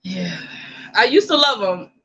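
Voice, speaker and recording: A podcast co-host in casual chat, frank and opinionated, chiming in with quick agreement. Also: mid-range voice, expressive, a bit bright, slightly rough, highs cut off.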